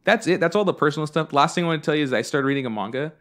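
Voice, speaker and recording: A man's voice: a little high, animated, racing, a bit bright. A man hosting a podcast, chatting casually and telling rambling stories full of fillers and swearing. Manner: rambling storyteller, swears freely, many fillers. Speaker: podcast host. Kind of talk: casual chat.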